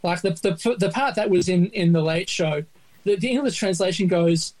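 A woman's voice: fairly low pitch, normal speed, a little mellow, poor audio. Wry rambling woman in casual chat. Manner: wry, dry, rambling with restarts. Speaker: podcast co-host.

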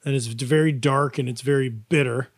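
A man co-hosting a podcast, chatting casually with quick jokes and casual swearing. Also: mid-range voice, steady tone, no echo, studio quality. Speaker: podcast co-host. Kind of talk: casual chat.

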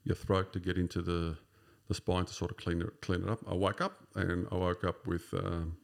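A gravelly Australian man in his fifties speaks at a moderate pace in a low voice with little pitch movement. As a podcast guest, he tells his own story casually and ramblingly, full of "sort of" and "you know" fillers.

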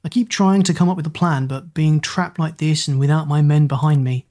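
A woman narrator voicing a calm, weary young man trapped in a doll's body, speaking softly and measured. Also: low-pitched, close to an everyday voice.

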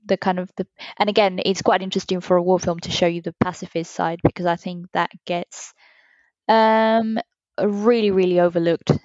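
A woman's voice: lowish voice, darkish tone, no echo. A woman on a podcast panel, talking thoughtfully and hesitantly with many ums, on a dull lo-fi recording. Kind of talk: casual chat.

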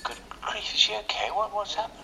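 A man's voice: sits high, expressive, a little fast, gravelly, bright, forceful tone, exaggerated voice, poor audio. An actor playing an older male actor from London, earnest and hesitant, stammering through a radio comedy. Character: aging male actor, shy, old-fashioned, lonely. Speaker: aging actor at an audition.

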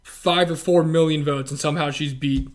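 A man with a somewhat higher voice, chatting casually with a friend. He talks in a loose, conversational way and drops in dry, sarcastic asides. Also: steady tone, normal speed. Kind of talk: casual chat.

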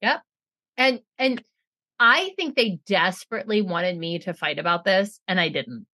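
A woman co-hosting a podcast, casually recapping a reality show in an animated, profane way, mimicking people and laughing often. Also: mid-range voice, a little slow, no echo. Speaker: podcast co-host.

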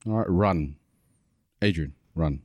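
Co-host casting: low-pitched easygoing man, dry close sound, casual quizmaster. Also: slow pace, no echo. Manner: laid-back, swears casually. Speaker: podcast co-host running a quiz. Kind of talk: casual banter.

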